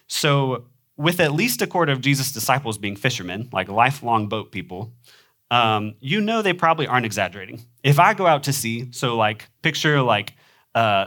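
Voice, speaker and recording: A man's voice: mid-range voice, fairly bright tone. A young adult man with a nasal Midwestern accent, preaching a sermon in a conversational way with frequent ums and small laughs. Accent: Midwestern American. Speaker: pastor.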